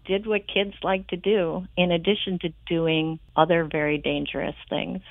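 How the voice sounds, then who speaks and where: A woman author talking in a radio interview over the phone, reading from her book, friendly and quick to laugh. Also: lowish voice, level tone, no echo. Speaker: children's author and guest. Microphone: telephone. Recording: tinny phone line.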